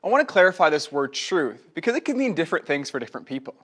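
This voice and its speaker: A man presenting a scripted video lesson in a clear, explanatory way. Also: on the high side, very animated, fast, fairly bright tone.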